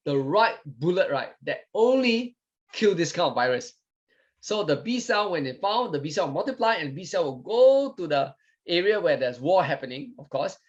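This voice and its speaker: Man, explanatory tone, somewhat high voice, dull lo-fi sound, constant "okay?". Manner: repeats "okay?" and "right?", acts out cells with voices. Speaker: wellness product presenter. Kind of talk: explanatory talk.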